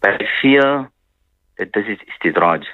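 A man giving a gentle religious talk on a radio program, telling stories and peppering his speech with "you know". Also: fairly low pitch, lively intonation, moderate pace, no room sound. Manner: gentle preaching with frequent "you know" fillers. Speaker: Islamic scholar on a radio program. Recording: dry phone-line radio sound.

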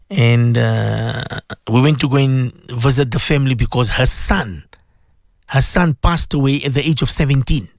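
A man's voice: mid-range voice, creaky, dry recording. Fervent male radio preacher, dry sound. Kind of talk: radio sermon.

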